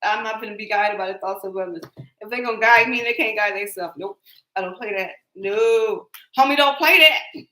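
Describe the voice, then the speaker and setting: A woman's voice: medium pitch, steady tone, fast, sharp tone, poor audio. A woman in her later years, hosting a tarot livestream and chatting loosely with her viewers. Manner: chatty, rambling, laughs often, talks to viewers. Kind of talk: casual livestream chat.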